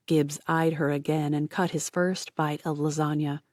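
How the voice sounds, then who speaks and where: Low-voiced woman narrating an audiobook. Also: little pitch movement, normal speed, hardly any pauses, a little mellow, no room sound, clean studio sound. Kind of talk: scripted narration.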